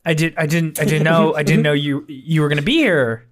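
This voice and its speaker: A man's voice: fairly high pitch, flat delivery, fairly quick, natural voice. A man voicing a nervous female newscaster who stammers and keeps apologizing. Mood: flustered.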